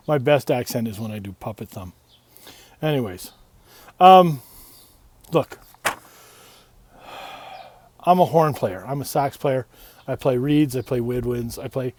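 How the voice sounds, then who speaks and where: A man's voice: medium pitch, a little mellow, no echo. A man giving a casual music lesson, chatty and digressive, often asking himself questions and then answering them. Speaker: music teacher.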